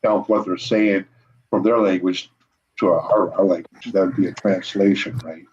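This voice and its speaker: A man with a fairly low voice hosts an interview, chiming in eagerly to agree and restate points. His audio comes through dull and lo-fi, like a remote stream connection. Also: fairly even intonation, moderate pace, a little mellow, a little hiss or hum. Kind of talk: interview chat.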